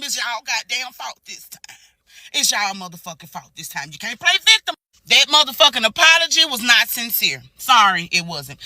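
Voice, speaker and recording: High, lively, furious ranting woman. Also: moderate pace, no room sound. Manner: heated, profane, swinging between shouting and muttering. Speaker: social media commentator. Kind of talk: angry reaction rant to camera.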